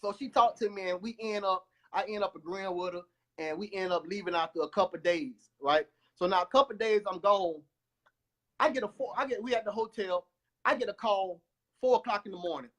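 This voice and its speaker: A man giving an emotional testimony over his phone, retelling events in an animated way with lots of repeated words and restarts. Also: high voice, brisk. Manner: repetitive, animated storytelling with many restarts. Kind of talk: emotional life-story testimony.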